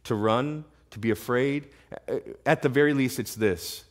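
A man's voice: mid-range voice, normal speed. A man preaching an evening sermon in a church, rising to emphatic questions.

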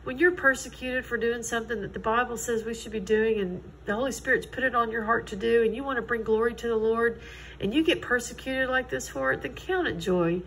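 A middle-aged woman recounts her testimony in an earnest, chatty way, acting out what people said to her. Her voice sits a little high. Faint room noise hums behind her. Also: fairly quick, a bit bright, low-quality recording. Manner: earnest, conversational, quotes others in dialogue. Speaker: Christian testimony speaker. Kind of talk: personal testimony storytelling.

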